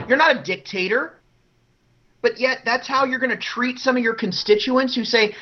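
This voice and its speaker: A man's voice: extremely high pitch, moderate pace, sharp tone, lo-fi sound. A man from New Jersey co-hosting a news podcast, giving indignant, mocking commentary that rises into outraged exclamations. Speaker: podcast co-host.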